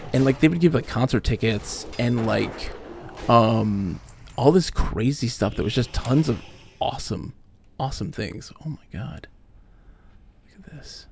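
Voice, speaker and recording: Streamer, man, late 30s, gravelly edge, mid-pitched, animated storyteller who swears casually. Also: slight background noise. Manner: animated, acts out quoted people, swears casually. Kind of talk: casual storytelling while gaming. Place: home streaming setup.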